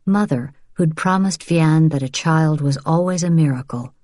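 A woman in measured, unhurried scripted audiobook narration. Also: low voice, darkish tone, no room sound, studio quality.

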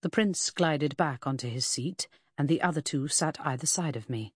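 Husky dry-voiced audiobook narrator. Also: male voice, on the high side, no room sound. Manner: measured storytelling. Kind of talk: scripted narration.

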